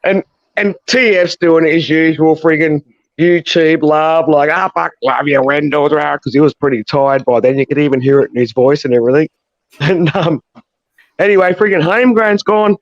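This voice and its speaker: A man with a high, dry voice tells a story in casual chat, swearing freely. The call audio is muffled and lo-fi. He is a co-host of the show. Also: moderate pace, dry recording.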